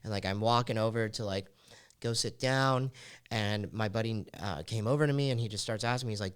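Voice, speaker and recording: A man's voice: mid-range voice, fairly even intonation, quick pace, clear, resonant tone. A man hosting a podcast, telling a personal story in a raw, confessional way full of casual fillers like "like.". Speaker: podcast host.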